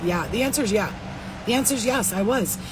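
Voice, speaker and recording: A woman vlogging casually about spirituality, chatty and repetitive, swearing now and then, with a voice roughened by coughing. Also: on the high side, animated, fast talker, noisy background. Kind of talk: casual spiritual talk to viewers.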